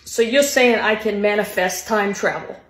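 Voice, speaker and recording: A woman's voice: mid-range voice, normal speed, a bit bright, echoey room. A woman with a sarcastic, exasperated manner, acting in a comedy sketch.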